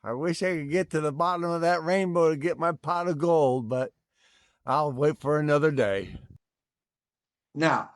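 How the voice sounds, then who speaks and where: A man's voice: a little high, a little slow, pauses often. A man co-hosting a podcast, telling folksy stories in casual chat. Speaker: podcast co-host.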